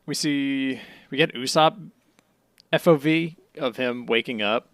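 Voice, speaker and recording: A man's voice: mid-range voice, a little slow, fairly bright tone, no room sound. A man co-hosting a podcast, casually recapping with jokes and swearing. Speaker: podcast co-host. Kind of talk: casual chat.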